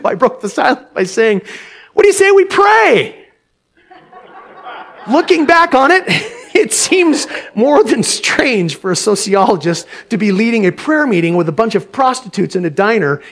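A man preaches by telling a story, expressive and quick to laugh or choke up. His voice is fairly high and swings widely as he animates the telling.

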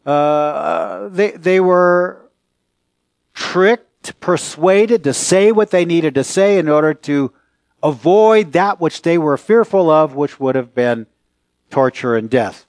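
A man preaching a sermon as pastor, earnest and emphatic, pausing mid-phrase. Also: a little high, darkish tone, dry recording.

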